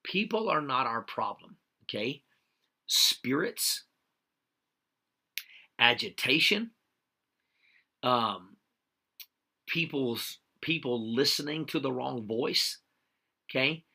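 A man delivers a livestreamed sermon in a slow, deliberate cadence, his voice gravelly with a bright, forceful edge. He drives every point home by repeating it and checking in with "okay?", and he stops now and then to greet viewers by name. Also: medium pitch. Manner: emphatic, repeats key points with frequent "okay?". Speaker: preacher.

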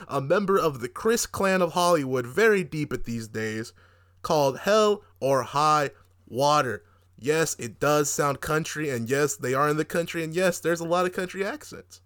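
A young man co-hosting a podcast, reviewing a movie in casual chat, animated and profane, laughing often and acting out quotes. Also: on the high side. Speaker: podcast co-host.

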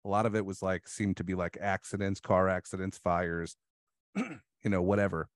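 Halting, low-voiced man musing, dry mic. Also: no echo. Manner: thoughtful, halting, with many restarts and filler likes. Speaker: podcast guest. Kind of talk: casual conversational chat.

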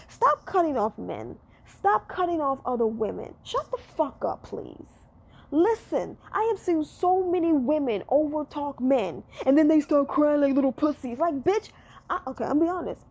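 A woman with a high-pitched voice holds forth in a blunt, profane rant. She swears freely and keeps driving her point home by saying it again and again. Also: a little mellow, muffled recording. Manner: blunt and profane, repeats herself for emphasis.

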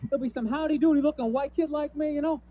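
Male comic, high voice with a mellow tone, loose rambling stand-up delivery. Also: fairly even intonation, quick pace, lo-fi sound, a little hiss or hum. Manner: loose, rambling delivery full of "you know" and "man". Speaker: stand-up comedian. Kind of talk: stand-up routine.

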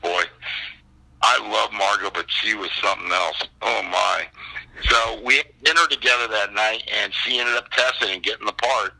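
A man in his sixties telling a story as an interview guest, animated and acting out the people in it. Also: lowish voice, moderate pace, creaky, slightly rough, low-quality recording. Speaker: actor guest. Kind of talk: casual anecdote telling.

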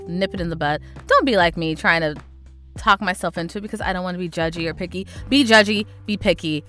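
Animated, exasperated woman podcast host. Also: medium pitch. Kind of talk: casual storytelling monologue.

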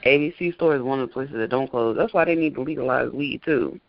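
A man's voice: mid-range voice, quick pace, creaky. A man co-hosting a podcast, chatting casually and joking with frequent laughs. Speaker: podcast co-host. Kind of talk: casual chat. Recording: dull, dry lo-fi sound.

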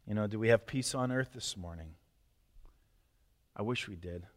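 A man preaching as a pastor, speaking earnestly and often dropping to a hushed near-murmur before leading a prayer. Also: on the low side, moderate pace. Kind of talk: sermon and closing prayer. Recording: long reverb of a large hall.

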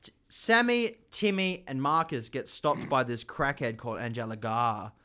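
A man's voice: mid-range voice, moderate pace, bright, forceful tone. A young man telling a crude improvised story among friends, swearing and laughing. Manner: swears a lot, laughs, does voices.

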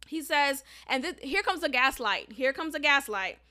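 Bright-voiced, high-pitched woman venting. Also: normal speed. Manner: candid, animated, swears freely. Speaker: podcast host. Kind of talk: casual storytelling monologue.

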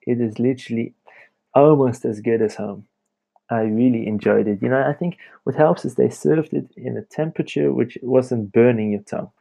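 A man's voice: medium pitch, normal speed, gravelly, mellow. A young man hosting a casual late-night podcast from home, rambling and chatty, laughing often as he talks. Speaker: podcast host.

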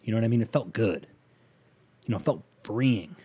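A man hosts a casual solo podcast, rambling from one story to the next and cracking jokes. He talks straight to the listener in a mellow, dark voice. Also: fairly low pitch, expressive, fairly quick, husky. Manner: rambling, joking, addresses listener directly. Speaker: podcast host.

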